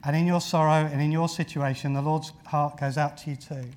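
Earnest guy preaching, says like a lot, repeats lines, voice sits a bit high. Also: steady tone, a little fast, hardly any pauses, darkish tone, a little hiss or hum. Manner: earnest, repeats phrases, frequent fillers. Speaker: pastor. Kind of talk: sermon.

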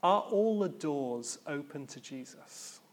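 A man preaching a sermon in an earnest, reflective way, with pauses and gentle emphasis. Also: fairly high pitch, lively intonation.

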